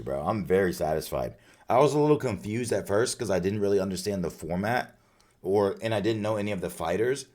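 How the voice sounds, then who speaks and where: Tired male streamer, deep and raspy, easygoing sign-off chatter. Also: normal speed. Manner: upbeat, rambling shout-outs to chat. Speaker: streamer hosting a watch party. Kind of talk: casual live-stream sign-off chat.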